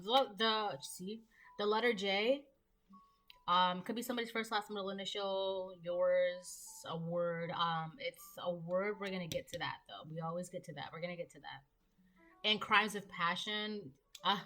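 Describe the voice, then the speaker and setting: Chatty low-voiced woman reading tarot. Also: bright, forceful tone. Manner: chatty and rambling, many fillers and asides. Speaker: tarot reader. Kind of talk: casual tarot reading to camera.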